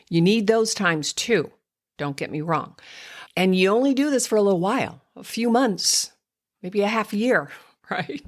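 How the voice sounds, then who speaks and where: An older woman, a speech therapist hosting a podcast, patiently explaining to parents how to help toddlers speak clearly. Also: fairly low pitch. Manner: patient, explanatory, slips into exaggerated child-directed speech when modeling. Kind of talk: instructive podcast talk to parents.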